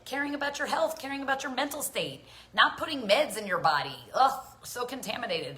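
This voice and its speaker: A woman's voice: lowish voice, sharp tone. A woman talking to camera in an earnest, rambling monologue about self-care and living well. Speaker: vlogger. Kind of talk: casual monologue.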